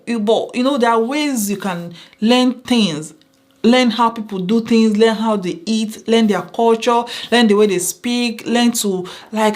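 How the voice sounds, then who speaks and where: Woman, mid-pitched, earnest advice vlogger who drives points home by repetition. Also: a little mellow. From Nigeria. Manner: earnest, repeats phrases for emphasis. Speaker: vlogger giving workplace advice. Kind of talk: casual advice talk to camera.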